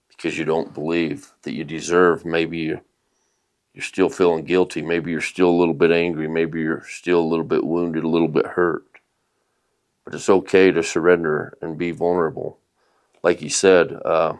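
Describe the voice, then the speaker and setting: Low-pitched guy, motivational coach vibe, talks right to the audience. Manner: coaching, speaks straight to listeners. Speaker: podcast co-host and life coach. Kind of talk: motivational talk.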